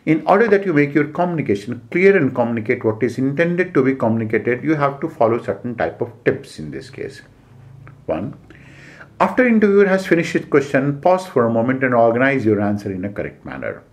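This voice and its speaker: A man with an Indian English accent lecturing as an exam coach, giving numbered points with frequent "uh" pauses and repeated key phrases. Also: medium pitch, sing-song. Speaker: civil service exam coach. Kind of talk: classroom lecture.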